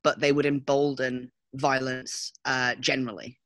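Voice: medium pitch, flat delivery, unhurried, a bit bright, no echo. Rambling podcast co-host. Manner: rambling, many fillers and restarts. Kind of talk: casual podcast discussion.

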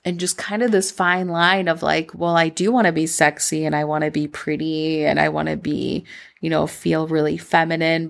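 Low-sitting, creaky and a touch bright, the voice belongs to a young woman with a Midwestern American accent who grew up in Minnesota after being born in Colombia. Hosting a podcast alone, she reflects openly and rambles, leaning on "like" and chuckling at herself.

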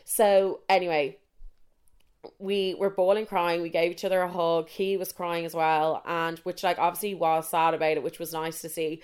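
A woman hosts a podcast and tells a personal story. Her voice sits fairly low and sounds clear and smooth. She talks casually and frankly, swears freely and keeps coming back to "so anyway". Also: flat delivery, normal speed, a little mellow. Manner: candid, chatty, swears freely, repeats "so anyway". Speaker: podcast host.

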